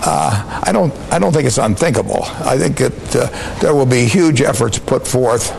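An older man giving a measured interview answer, slow and halting, with frequent restarts, in a played archive clip. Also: mid-range voice, animated, gravelly, a little mellow, slight background noise, poor audio.

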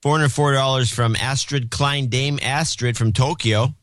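A man's voice: medium pitch, steady tone, moderate pace, a bit bright, no echo. A man co-hosting a podcast, reading listener notes and adding wry remarks in casual banter. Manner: dry, wry, reads out donor notes. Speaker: podcast co-host.

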